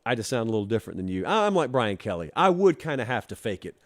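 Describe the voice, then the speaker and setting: A man's voice: medium pitch, very animated, fast talker. A man from Georgia hosts a college football talk show in a mid-range voice. He teases the fans he is talking to and drives each point home. The delivery is opinionated and wry. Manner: wry, teasing, emphatic, direct address to fans. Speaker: show host. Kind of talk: opinionated sports commentary.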